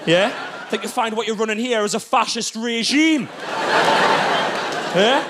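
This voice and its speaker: A man's voice: very high-pitched, a little slow, heavy background noise. A man voicing a bossy toddler boy laying down new house rules, swaggering and demanding.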